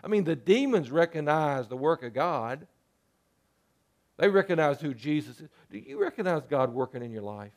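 Pastor preaching, casual and chatty, lots of questions to the crowd, voice sits a bit high. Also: male voice, very animated, moderate pace. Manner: conversational, full of rhetorical questions. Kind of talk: sermon.

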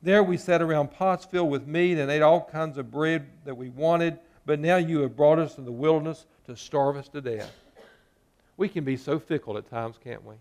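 A man preaching a sermon with a voice pitched a little high. He talks to his congregation as a pastor and sometimes slips into the voices of the grumblers in his story. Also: normal speed, darkish tone. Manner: preaching, acting out quoted complaints.

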